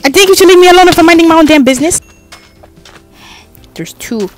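A woman's voice: very high voice, expressive, fast talker, faint music behind. A woman giving casual, jokey commentary while playing a game, chatting to herself and swearing now and then. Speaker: gaming vlogger.

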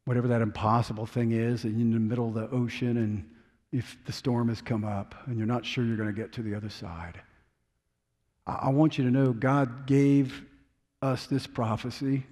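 A man pastor preaching a sermon, swinging from loud urging to hushed, quiet intensity. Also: mid-range voice, flat delivery, moderate pace, big-room sound. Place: church sanctuary.

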